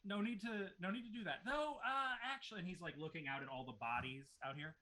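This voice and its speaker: A man's voice: high-pitched, pushed and bright, pitched above the performer's own voice. A man doing a fawning, hungry creature host. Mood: nervous. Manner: ingratiating and jittery, quick eager assurances.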